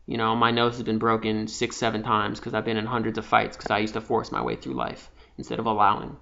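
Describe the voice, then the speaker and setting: A young man giving an impassioned, profane spiritual monologue, dropping from hushed to loud. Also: fairly low pitch, completely flat delivery, quick pace, gravelly. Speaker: vlogger. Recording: slightly dull lo-fi sound.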